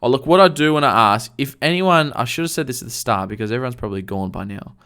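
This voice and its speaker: Give me a man in casual podcast chat, blunt and a little crude, at an average pitch. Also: fast talker, a bit bright, clean tone. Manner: blunt, storytelling, swears freely. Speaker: podcast co-host.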